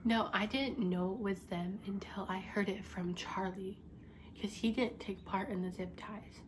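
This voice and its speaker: A woman's voice: medium pitch, fairly even intonation, measured pace, background noise. Frustrated young woman telling a story. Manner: rambling, frustrated, lots of "like". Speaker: vlogger. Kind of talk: casual storytime.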